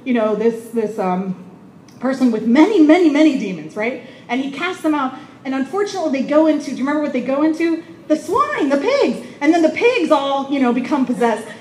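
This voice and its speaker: A woman pastor giving a conversational sermon, lively and acting out the people she quotes. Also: high-pitched, brisk, roomy sound, a little hiss or hum, low-quality recording.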